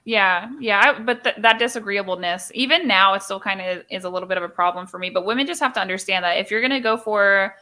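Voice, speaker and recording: A woman's voice: medium pitch, quick pace, few pauses, pushed and bright. A young woman hosting a casual live stream chat, talking in an emphatic, opinionated way and acting out little quoted exchanges.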